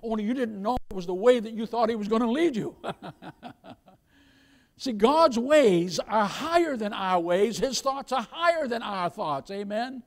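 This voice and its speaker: A man's voice: high voice, lively intonation, a little slow. A man preaching a sermon as pastor, calling out to the congregation with rising, emphatic lines. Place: church.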